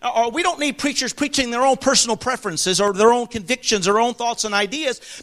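Preacher guy with a high bright voice, emphatic sermon, goes loud then real quiet, keeps asking the crowd to agree. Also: fairly quick, few pauses. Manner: emphatic, swings between ringing highs and hushed lows; asks the congregation for agreement.

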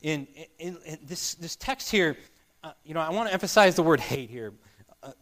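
A man preaching a sermon as a pastor, earnest and repetitive, swinging between loud emphasis and quiet asides. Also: on the high side, expressive, unhurried, pauses often. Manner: earnest, repetitive, rising and falling loudness.

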